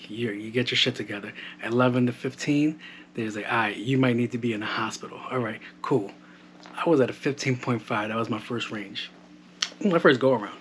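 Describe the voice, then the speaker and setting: A man's voice: mid-range voice, slight background noise. A man in his thirties hosting a podcast, telling his own story in a blunt, profane, casual way and acting out the dialogue. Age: 30s. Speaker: podcast host. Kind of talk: casual monologue.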